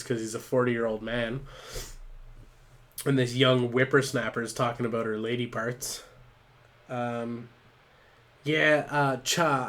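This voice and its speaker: A man's voice: mid-range voice, slight background noise. Brief: tipsy, foul-mouthed man narrating a home live stream. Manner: rambling, profane, tipsy.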